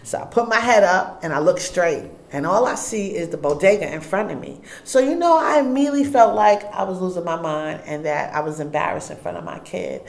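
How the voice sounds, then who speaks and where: Animated New woman telling a story, echoey room. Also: on the low side, brisk, creaky, few pauses. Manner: animated storytelling, acts out dialogue, swings between hushed and loud. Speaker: guest, food business owner. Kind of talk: storytelling in an interview.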